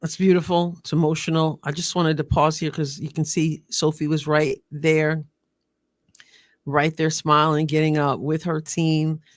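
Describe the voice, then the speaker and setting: A woman's voice: sits low, little pitch movement, unhurried, no room sound. A woman hosting a commentary video, talking earnestly and repeating phrases for emphasis. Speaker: show host.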